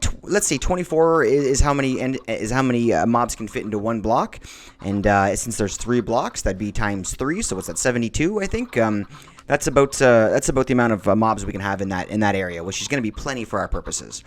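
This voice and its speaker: A man with a mid-pitched voice chats loosely as he plays and builds in a game. He rambles, trails off and restarts his sentences, keeping things relaxed and conversational. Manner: chatty, rambling with frequent fillers and restarts. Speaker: Minecraft let's-play host. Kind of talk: casual gameplay commentary.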